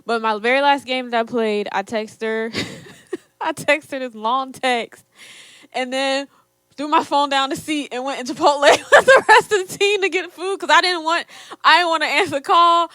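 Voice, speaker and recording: A woman's voice: sits high, moderate pace, pushed and bright, dry recording, studio quality. A young woman in her twenties, co-hosting a podcast and telling a personal story in casual chat, laughing often. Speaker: podcast co-host.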